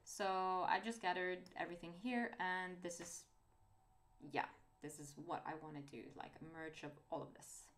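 A woman's voice: lowish voice, steady tone, moderate pace, a bit bright. Hesitant woman with a Norwegian accent. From Norway. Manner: hesitant, rambling, self-deprecating. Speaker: artist vlogger. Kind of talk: casual talk about art.

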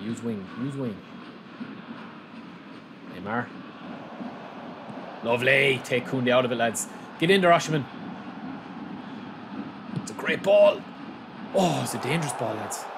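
Over a noisy background, a man with a mid-range voice runs a gaming channel, excitedly commentating his own match live, shouting at the play and referring to viewers as "lads."

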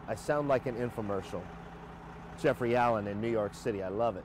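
A man's voice: fairly low pitch, a little fast, slight background noise. A man hosting a casual live sales walkthrough outdoors beside a motorhome, upbeat and chatty with frequent fillers. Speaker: host of a sales livestream. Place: outdoors by a motorhome near a highway.

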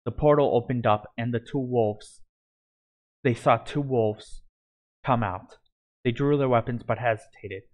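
A man's voice: mid-range voice, a little slow. Male storyteller reading with frequent restarts. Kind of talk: reading his own story aloud.

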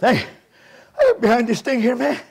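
Guy preaching pentecostal style, super high voice, lively up and down, calls and shouts at the crowd. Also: normal speed, gravelly, slightly rough. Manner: fervent, often shouting, with call-and-response. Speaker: guest preacher. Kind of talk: Pentecostal sermon. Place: church sanctuary.

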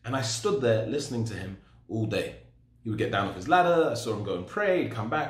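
A man's voice: fairly low pitch, expressive, fairly quick. A man in his forties giving a personal testimony in a storytelling, self-deprecating way. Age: 40s. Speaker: speaker sharing his story. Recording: roomy echo.

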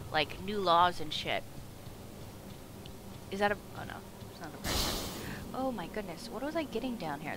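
A woman streaming a video game, chatting casually, gasping, swearing and shouting at the screen. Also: mid-range voice, background noise. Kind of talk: casual live-stream commentary.

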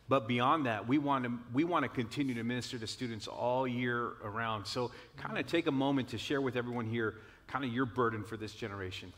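Male pastor and parent, mid-pitched, filler-heavy speech, recorded in a reverberant room. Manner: warm-hearted, many fillers like "you know". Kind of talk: church video conversation.

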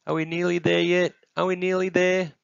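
A man voicing a playful little boy camel calf in a storybook, with high, excited questions. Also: brisk, creaky, smooth, no room sound. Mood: eager. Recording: dull, dry close recording.

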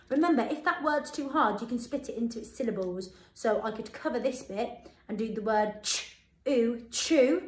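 A woman teacher with a British accent, giving a phonics lesson to children and sounding out each letter slowly and clearly. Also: a little high, reverberant, rough recording. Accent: British English. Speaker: primary school teacher.

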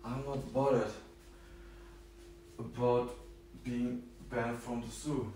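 Young male vlogger, slangy and profane, slow delivery, faint background hiss. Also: medium pitch, fairly even intonation, warm tone. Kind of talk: casual rambling chat. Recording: echoey room with faint noise.

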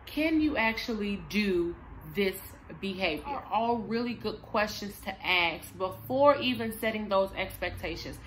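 A woman's voice: medium pitch, animated, unhurried, hardly any pauses, slight background noise. A woman explaining parenting techniques, speaking emphatically and addressing moms directly. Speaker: parenting coach and behavior analyst. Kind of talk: instructional parenting vlog.

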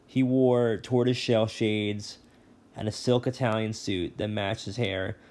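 A male teacher reading a novel chapter aloud, relaxed, with brief asides and self-corrections. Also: lowish voice, measured pace.

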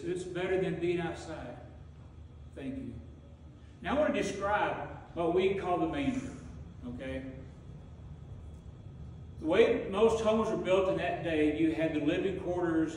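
A man's voice: on the high side, darkish tone. A man preaching a sermon, telling the story vividly and asking his congregation questions. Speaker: pastor. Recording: echoey hall from far off, faint noise.

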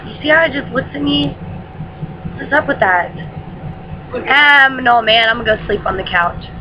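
This home vlog features a mother and vlogger talking casually, with a voice that's a little high and a normal speed. Filmed on a laptop webcam at night, she shifts into baby talk with her dog. Background noise is present, and the dull lo-fi webcam recording has music behind it.

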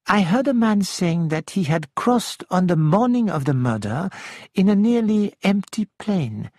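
A man voicing a calm, shrewd older detective who patiently explains his reasoning. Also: high-pitched, no echo, studio quality.

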